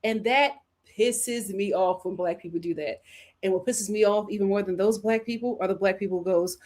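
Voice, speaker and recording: A woman from Philadelphia hosting a live stream, reading chat comments aloud and reacting in an animated, heated way, often breaking into laughter. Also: medium pitch, normal speed.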